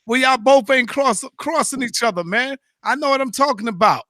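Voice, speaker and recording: A man with a high, bright, sharp voice keeps a rowdy video-call debate in check. He talks loud and pushy, joking threats mixed with brotherly calls for order, and the sound is dry and close. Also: moderate pace, dry recording. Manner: loud, insistent, playful threats. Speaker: debate moderator. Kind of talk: heated online debate.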